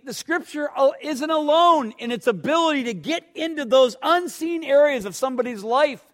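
Dramatic high-voiced male preacher. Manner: dramatic, swings from hushed to loud; asks the listeners questions. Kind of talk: sermon.

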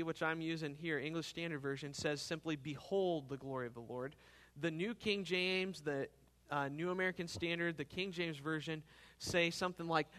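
A man preaching an expository sermon as pastor, earnest, swelling louder on key phrases and checking in with the congregation. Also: on the high side.

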